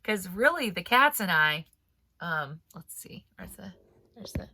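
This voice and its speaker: A woman's voice: mid-range voice, sing-song, unhurried, vocal fry, sharp tone, husky. A woman author hosting a casual writing-advice vlog, talking in a rambling, chatty way with frequent laughs and a stuffy nose from allergies. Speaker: author and writing coach host.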